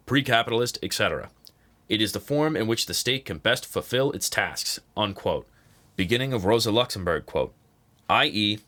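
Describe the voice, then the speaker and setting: A man reading a political text aloud as an audiobook, saying the quote marks and parentheses out loud. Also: lowish voice. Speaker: audiobook reader. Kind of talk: read-aloud nonfiction narration.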